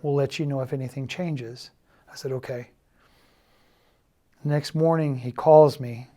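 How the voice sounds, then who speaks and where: A middle-aged man giving a personal testimony in a church, softly telling a painful story and quoting others' words, his voice breaking at times. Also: medium pitch, steady tone. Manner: quiet, halting storytelling that quotes others' words.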